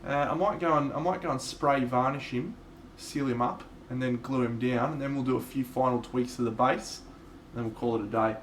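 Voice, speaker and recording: A man's voice: medium pitch, fairly quick, hardly any pauses, slight background noise. A man with an Australian accent, chatting casually and swearing freely while streaming his miniature painting live. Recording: echoey room.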